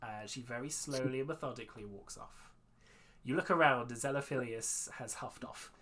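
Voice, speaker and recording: A game master running a tabletop session, relaxed and loose. Scenes are laid out with plenty of fillers in a casual, easygoing flow. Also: mid-range voice, moderate pace, a crowd in the background. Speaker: dungeon master.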